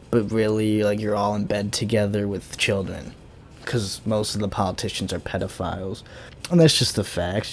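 A young man rambling through a sarcastic, deadpan comic monologue as host of his own talk show. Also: fairly low pitch, a little hiss or hum. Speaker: podcast host. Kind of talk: casual comedic monologue.

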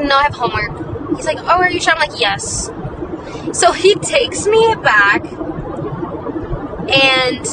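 A woman's voice: high voice, far from the mic, noisy background. A young woman hosting a podcast, telling a story in a chatty, dramatic, self-deprecating way. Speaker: podcast host. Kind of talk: casual storytelling monologue.

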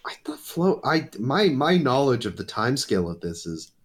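Animated, jokey man in casual chat. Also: mid-range voice, normal speed, husky. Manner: playful, jokey, laughs often. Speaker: podcast co-host.

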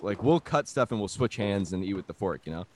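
A man's voice: on the low side, lively intonation, a little fast, a little mellow. A young man telling rambling stories as co-host of a casual comedy podcast, full of fillers. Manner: rambling storyteller, many fillers.

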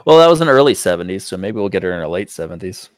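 A man's voice: deep voice, sing-song, very fast, no echo. A man co-hosting a podcast in casual chat, laid-back with dismissive asides. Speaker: podcast co-host.

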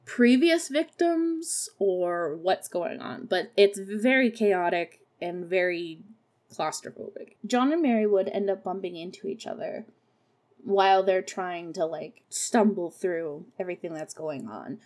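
A woman's voice: fairly low pitch, expressive, measured pace, darkish tone. A young woman talks through a horror musical she is reviewing for her podcast. Her recap is casual and sarcastic, full of profanity and little laughs at her own jokes. She keeps it loose and unscripted. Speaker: podcast host reviewing a film.

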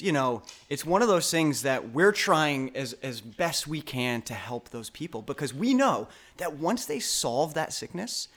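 Podcast host guy, mid pitch, earnest and upbeat, big optimistic talk. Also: a bit bright. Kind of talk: casual conversation.

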